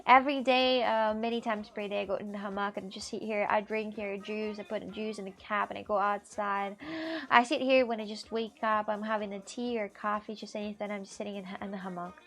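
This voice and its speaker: A woman streamer chatting casually in halting, simple phrases, with a stuffy nose, sitting outdoors in a hammock. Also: mid-range voice, flat delivery. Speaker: live streamer. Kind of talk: casual live-stream chat.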